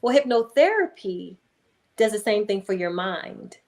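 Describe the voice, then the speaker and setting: A woman, a hypnotherapist, speaking as a guest in a conversational interview and telling a story in a calm, emphatic way. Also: mid-range voice, measured pace. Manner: calm, emphatic, acts out voices in anecdotes.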